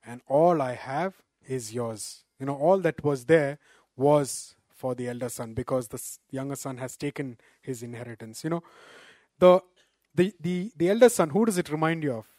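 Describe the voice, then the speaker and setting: A man preaching a sermon, slowing down to quote scripture and adding rhetorical "right?" asides. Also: medium pitch, darkish tone, no room sound.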